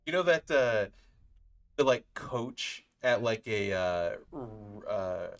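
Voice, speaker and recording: Male player, animated swooping delivery, jokey, filler-heavy casual chat. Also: on the low side, slow pace. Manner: lively and jokey, rambling with fillers. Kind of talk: casual tabletop game chat.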